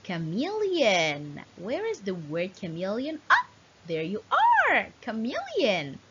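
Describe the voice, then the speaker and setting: A woman teacher giving a children's lesson, talking in an animated, sing-song way and making playful animal sounds. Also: medium pitch, slow, muffled recording, a little hiss or hum.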